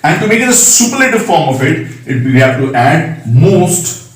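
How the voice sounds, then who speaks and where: A man's voice: on the high side, big pitch swings, normal speed. A man teaching a recorded grammar lesson, patiently spelling out letters and checking in with "right?". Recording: echoey room, mic at a distance.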